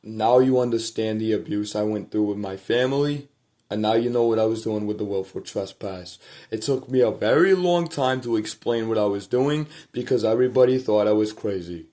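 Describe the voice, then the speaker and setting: Rambling, profane man with a mellow voice. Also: fairly low pitch, moderate pace. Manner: rambling, profane, with restarts and trailing-off murmurs. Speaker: vlogger telling a personal story. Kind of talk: casual storytelling to camera. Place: at home at night.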